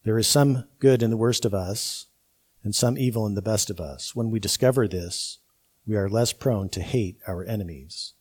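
A man delivers a sermon with a husky, mellow voice. He leans on key words and repeats them for emphasis, building each point step by step. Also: lowish voice, normal speed. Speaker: preacher.

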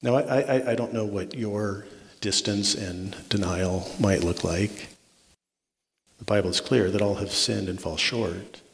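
A man's voice: on the low side, unhurried, gravelly. A man preaching a sermon as a pastor, earnest, often restarting words and checking in with "right?". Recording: long reverb of a large hall.

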